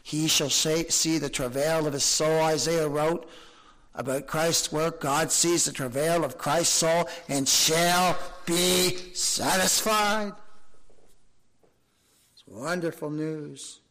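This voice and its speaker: A fervent preacher delivering a sermon to his congregation. His voice sits high for a man, and he leans on rhetorical questions and emphatic repetition. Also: fairly even intonation, slow, fairly bright tone. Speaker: pastor.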